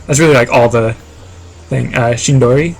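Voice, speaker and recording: A man's voice: medium pitch, normal speed, vocal fry, a little mellow. A man chatting casually on a live game stream, reading chat aloud and rambling with lots of fillers.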